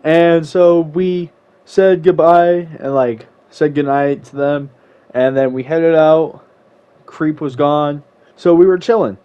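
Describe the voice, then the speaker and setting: A man's voice: on the high side, takes it slowly, clear, resonant tone. A young man casually telling a story as a vlogger, slangy and rambling, with sudden exasperated outbursts. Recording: slightly muffled lo-fi recording.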